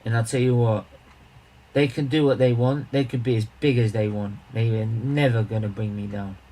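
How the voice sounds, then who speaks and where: A man chats loosely on a charity livestream. He repeats his words, trails off and restarts, then jumps into emphatic, excited banter. His voice sits at an ordinary middle pitch for a man. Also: normal speed, rough recording. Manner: rambling, repetitive banter, bursts of excited emphasis. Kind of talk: casual livestream chat.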